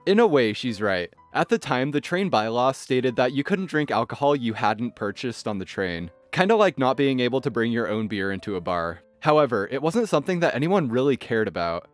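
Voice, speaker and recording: A man narrating online stories in an expressive, scripted storytelling manner. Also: medium pitch, brisk, few pauses. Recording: faint background music. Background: faint music.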